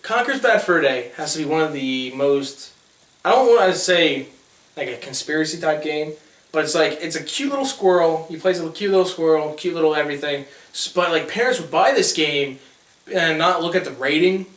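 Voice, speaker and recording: A man's voice: on the high side, moderate pace, fairly bright tone, far from the mic. A young man co-hosting a casual gaming chat, rambling and hesitant with many fillers. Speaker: co-host. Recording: echoey room, away from the mic.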